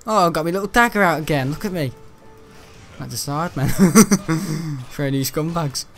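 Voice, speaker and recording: A man's voice: fairly high pitch, normal speed, vocal fry, faint music behind. A young British man at home in his bedroom, rambling through casual gaming commentary, joking, swearing freely and laughing often. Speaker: gaming video host.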